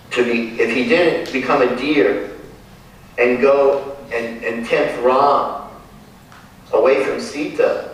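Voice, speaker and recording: Man, devotee storyteller, distant and very echoey, faint hum behind. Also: medium pitch. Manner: storytelling, acts out quoted lines, chuckles. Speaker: devotee speaker. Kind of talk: reminiscing talk. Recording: echoey room, distant mic.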